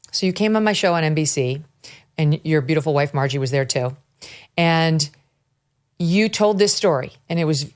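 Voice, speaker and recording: A woman hosting an interview, thinking aloud and restarting phrases as she builds her questions. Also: deep voice. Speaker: host. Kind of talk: conversational interview.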